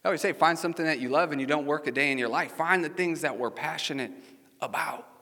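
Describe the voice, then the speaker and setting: A slightly high, fast, bright and forceful voice belongs to a pastor preaching a chatty sermon in a church sanctuary. He mixes storytelling with questions for the congregation, captured with the long reverb of a large hall.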